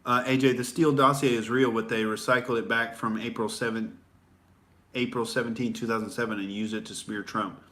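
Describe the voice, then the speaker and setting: A man's voice: medium pitch, steady tone, a little fast, pushed and bright. A young man hosting a profane, sarcastic political rant, rambling with fillers. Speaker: comedian host. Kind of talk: ranting livestream commentary.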